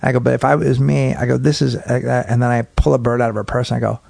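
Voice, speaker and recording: Gravelly middle-aged man telling stories. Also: medium pitch, fast, no echo, clean studio sound. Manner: profane, animated, acts out bits. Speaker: comedian guest. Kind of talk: casual storytelling. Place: home studio man cave. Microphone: podcast mic.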